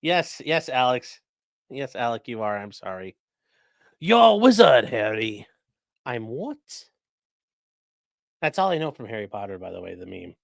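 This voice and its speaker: A man hosting a livestream, commenting in a casual, jokey way, talking to chat and breaking into mock voices and sudden yells. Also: medium pitch, very animated, a little slow, creaky, long pauses, no room sound, clean studio sound. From grew up in a rural area. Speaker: livestream host reacting to a trial.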